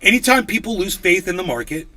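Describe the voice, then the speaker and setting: Brash, bright-voiced male streamer. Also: sits high, big pitch swings, fast. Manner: sarcastic, profane, mocking. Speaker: livestream host. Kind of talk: casual ranting commentary.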